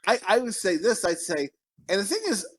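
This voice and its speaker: A man's voice: high voice, lively intonation, a little fast. A man co-hosting a podcast, rambling through crude jokes with frequent restarts. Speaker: podcast co-host. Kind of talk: casual chat.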